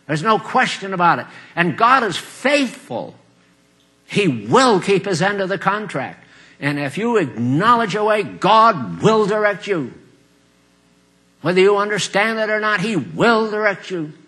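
An older man preaching a folksy sermon, chuckling often and swinging between loud emphatic lines and quiet asides. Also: high-pitched, sing-song, a little slow.

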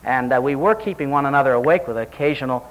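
A man preaching a sermon, telling a story in an animated way and acting out the voices he quotes. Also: fast talker, poor audio. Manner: animated, acts out quoted voices with sharp pitch jumps.

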